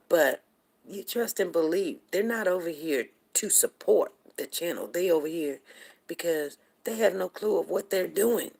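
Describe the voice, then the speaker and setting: A woman's voice: lowish voice, animated, unhurried, vocal fry, darkish tone, breathy edge. A woman hosting a casual livestream, rambling chattily and talking straight to her viewers. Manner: greets viewers from the chat by name. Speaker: livestream host.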